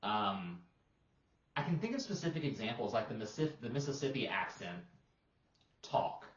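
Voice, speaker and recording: A man's voice: fairly low pitch, very animated, fairly quick, fairly bright tone, recorded from a distance. A man, a language teacher co-hosting a podcast, explaining patiently in casual talk, demonstrating sounds and using plenty of fillers. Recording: roomy, dull lo-fi sound.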